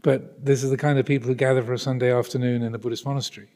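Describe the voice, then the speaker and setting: Man, Buddhist teacher, mid-pitch, halting thoughtful delivery, long reverb of a monastery hall. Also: flat delivery, dark tone. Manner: thoughtful, hesitant, many restarts. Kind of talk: Dharma talk to visitors.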